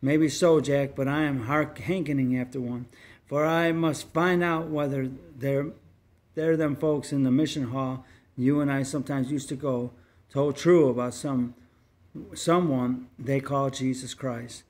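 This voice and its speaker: A man voicing a gentle bedridden crippled boy who speaks earnestly and pleadingly. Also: mid-range voice, fairly even intonation, measured pace, lightly acted.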